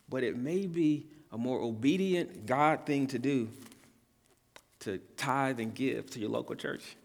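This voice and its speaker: Male pastor, mid pitch, earnest sermon delivery that swells at climaxes, reverberant hall. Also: a bit bright. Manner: earnest preaching, repeats key words for emphasis; builds in pitch and volume on climaxes.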